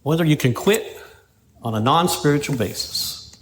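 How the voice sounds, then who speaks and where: A man's voice: a little high, animated, normal speed, slight background noise. A man giving a recovery talk to a meeting, who tells stories, reads passages aloud and keeps checking in with "right?" and "you know?". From Pittsburgh. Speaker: AA speaker. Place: meeting room.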